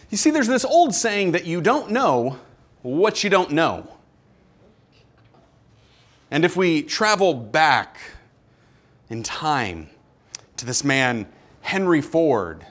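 Male pastor, slightly high voice, conversational but emphatic preaching, lots of rhetorical questions. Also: fairly bright tone. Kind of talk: sermon.

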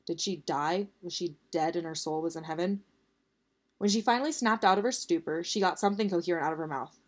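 A woman's voice: on the low side, brisk. A woman reading a story aloud in a casual, unpolished way. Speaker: narrator.

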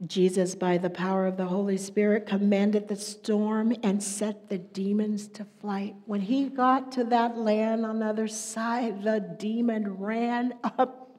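A middle-aged woman preaching a sermon, moving between hushed whispers and loud, emphatic passages. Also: medium pitch, steady tone, measured pace. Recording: long echoey hall reverb.

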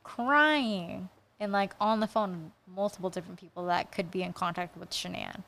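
A woman co-hosting a casual true-crime podcast, blunt and quick to swear. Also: mid-range voice, vocal fry, fairly bright tone. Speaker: podcast co-host.

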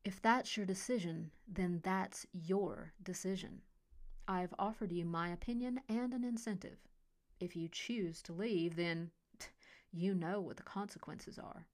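A woman's voice: mid-range voice, expressive, normal speed, natural voice. A woman voicing a cold, scheming male resort boss with a Californian accent, smug and detached. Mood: icy. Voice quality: icy, detached. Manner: smug, menacing, mocking. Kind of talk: audiobook character voice.

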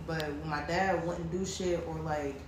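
A woman's voice: deep voice, measured pace. Young woman talking in a very echoey room. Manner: rambling personal storytelling, heavy use of "like". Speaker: podcast co-host. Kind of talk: casual podcast chat. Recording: very echoey room with steady background noise.

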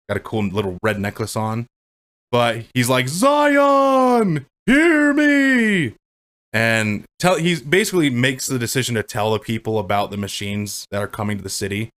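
A man's voice: on the low side, fairly bright tone. Profane, joking man recapping a movie. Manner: goofy, profane, does silly character voices. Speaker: movie rewatch podcast co-host. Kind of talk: casual movie commentary chat.

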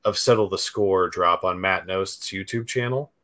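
A man guesting on a movie podcast, talking in an enthusiastic, excitable way about horror shows. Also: deep voice, normal speed, a crowd in the background. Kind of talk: casual chat.

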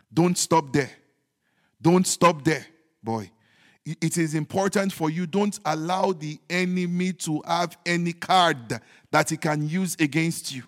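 A man preaching a sermon as pastor, repeating his points emphatically and moving between loud declarations and hushed, joking asides. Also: fairly high pitch. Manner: humorous asides with chuckles. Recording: long hall reverb.

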